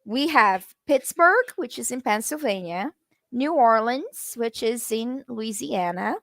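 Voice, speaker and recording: Slow, chatty woman teaching English. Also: a little high, animated, fairly bright tone, no room sound. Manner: chatty, addresses viewers in the comments. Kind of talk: live-streamed language lesson.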